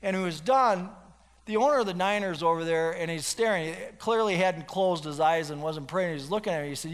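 Animated male pastor telling a sermon story, fairly high voice, long hall reverb. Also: fairly quick.

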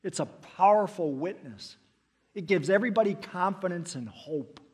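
A middle-aged man preaching a sermon as pastor, telling stories and swinging between loud emphasis and hushed asides. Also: high-pitched, animated, moderate pace, husky.

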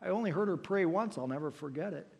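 Middle-aged male pastor, slightly high, husky voice; sermon storytelling that swings from booming to hushed. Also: animated, quick pace, dull audio.

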